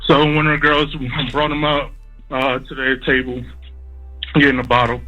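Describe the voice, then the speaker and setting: A man's voice: medium pitch, level tone, normal speed, sharp tone, soft background music, rough recording. A man calling in to a radio show and telling an embarrassing story, laughing along. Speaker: caller.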